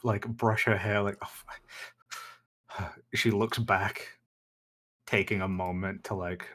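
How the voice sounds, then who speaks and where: A player in a tabletop role-playing game who talks in a slow, hesitant way. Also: low-pitched, fairly even intonation, a bit bright.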